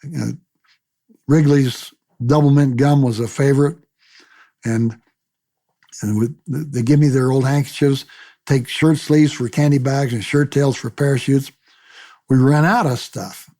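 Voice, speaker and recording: In a lively oral-history interview, an older man who was a military pilot recounts his memories at medium pitch, a little slowly and with frequent pauses. He acts out the voices of people he quotes and repeats words as he restarts.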